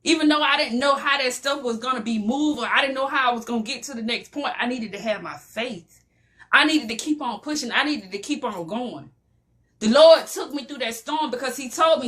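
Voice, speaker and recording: A middle-aged woman pours out a personal story of hardship in a motivational talk. Her voice is bright and forceful and sits a touch high. She builds her lines like a preacher, repeating phrases as she goes. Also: fairly quick.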